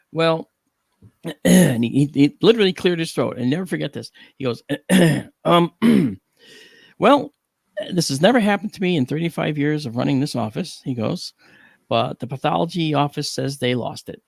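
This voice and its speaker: A middle-aged man on a talk panel, telling a story with animated, acted-out dialogue and frequent 'okay?' check-ins. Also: on the high side, normal speed, creaky, dry recording, studio quality. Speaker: panel guest.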